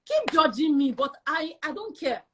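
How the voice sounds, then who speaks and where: A young woman with a Nigerian accent, telling her personal story as an interview guest in an emphatic, animated way. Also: high-pitched, normal speed, a little hiss or hum. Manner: emphatic and animated, acts out quoted voices.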